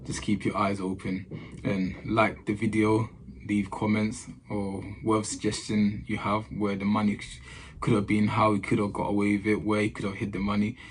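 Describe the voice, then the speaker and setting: A man's voice: on the low side, a little hiss or hum. A man, a footballer casually telling a story to camera in slangy talk, often repeating his phrases.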